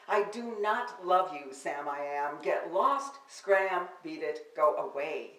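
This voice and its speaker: Older woman poet, wry and theatrical reader; live bookstore reading, roomy sound. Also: lowish voice. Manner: wry, theatrical delivery of verse. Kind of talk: public poetry reading with spoken asides. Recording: roomy, distant live-event recording.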